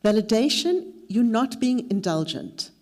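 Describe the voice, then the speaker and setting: A woman's voice: a little high, sing-song, unhurried. A middle-aged woman leading a mentorship workshop, mixing practical advice with a candid, self-deprecating personal story. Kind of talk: workshop talk with personal anecdote.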